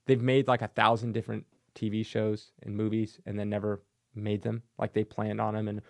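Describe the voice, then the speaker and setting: A man with a gravelly, creaky voice talks straight to his audience in a casual rant. He is sarcastic and mocking, and now and then slips into silly voices to make fun of things. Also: on the low side, little pitch movement, normal speed. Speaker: comic collector channel host.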